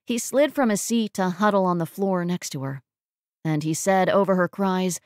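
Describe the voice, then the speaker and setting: Woman narrating a romance audiobook, low and dry. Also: normal speed, darkish tone, dry recording. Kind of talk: scripted narration.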